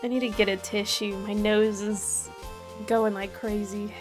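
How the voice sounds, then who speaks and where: A woman's voice: mid-range voice, flat delivery, measured pace. Flustered, laughing woman streamer, music under. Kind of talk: casual chat.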